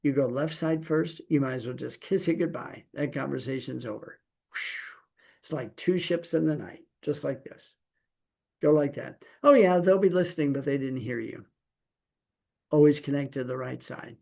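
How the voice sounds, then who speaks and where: A man's voice: medium pitch, moderate pace, creaky, darkish tone. A middle-aged man teaching Torah in a conversational sermon, folksy and playful, full of rhetorical questions.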